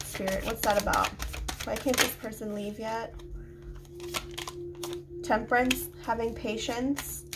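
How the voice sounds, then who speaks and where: A woman's voice: medium pitch, background noise. A woman with a slight lisp doing a casual tarot reading, musing aloud as she draws cards, recorded on a phone. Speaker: tarot reader.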